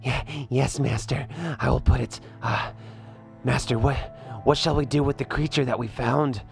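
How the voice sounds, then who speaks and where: A man's voice: mid-range voice, fairly even intonation, normal speed, vocal fry, soft background music, voice pushed up, natural voice. A man voicing a nervous, stammering male henchman. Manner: stammering, deferential.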